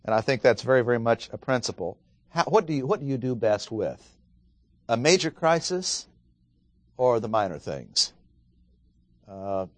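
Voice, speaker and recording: Male Bible teacher, mid-pitched, conversational, dry close sound. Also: no echo. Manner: conversational, asks the audience questions. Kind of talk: Bible study sermon.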